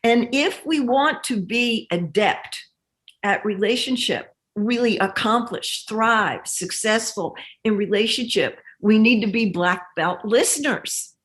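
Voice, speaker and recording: A woman guest in an interview, a relationship teacher speaking in a measured, reflective, earnest way. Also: fairly high pitch, animated. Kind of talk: interview conversation.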